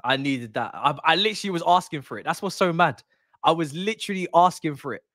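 A young man reacting live during a football watch-along, excitable and slangy, swearing and repeating himself. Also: fairly high pitch, quick pace, no room sound, clean studio sound.

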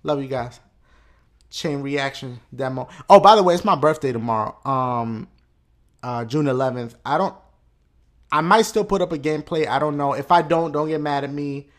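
A man hosting a let's play channel, loud and excitable, swearing a lot and shouting at the game. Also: on the high side, moderate pace. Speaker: gaming channel host.

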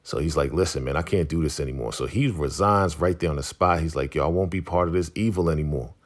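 A man's voice: rumbling low, quick pace. A man casually recapping a TV episode, quoting the characters in loose street slang. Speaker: recap host.

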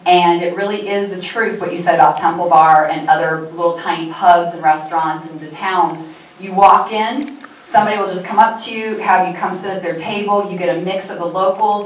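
Woman from a tour company chatting on a panel, lower voice, roomy echo. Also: fairly even intonation, moderate pace, a little hiss or hum. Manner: friendly, conversational. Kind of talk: panel presentation. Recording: echoey room from far off.

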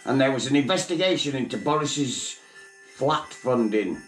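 A man putting on a high falsetto voice to play an elderly, crude queen giving a mock-regal, sweary speech. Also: lively intonation, moderate pace, reverberant, soft background music, lightly acted. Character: elderly queen, plummy and crude, mocking the year.

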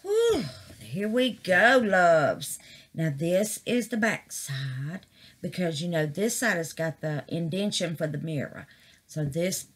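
A woman, chatting casually to camera as a crafting vlogger, excited and full of exclamations, calling her viewers "babies". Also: fairly low pitch, slow pace.

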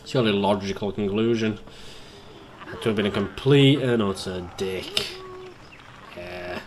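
Excitable man narrating his gameplay. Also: fairly low pitch, a little slow, background noise. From Britain. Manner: excitable, rambling, talks to the viewers. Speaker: let's play host. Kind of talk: casual gameplay commentary.

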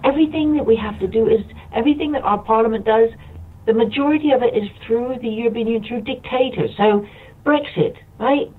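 A British man, appearing as a guest on a radio show, delivers an impassioned monologue over a distant, tinny phone line. His voice is very high, brisk and husky, and he's close to tears, rambling and repeating himself.

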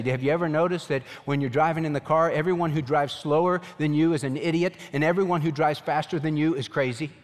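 A man preaching a sermon as a pastor, animated, voicing God's questions in a pleading tone. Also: a little high, big-room sound.

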